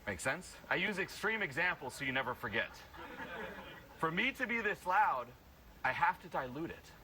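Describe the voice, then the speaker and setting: A man coaching a live workshop audience, blunt and energetic, breaking into loud yells. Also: fairly high pitch, moderate pace, low-quality recording. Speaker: social confidence coach.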